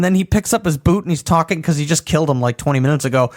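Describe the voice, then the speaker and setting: Fast and lively, with barely a pause, this male co-host has a fairly high voice. On a casual gaming podcast, he eagerly recounts comic game moments while laughing.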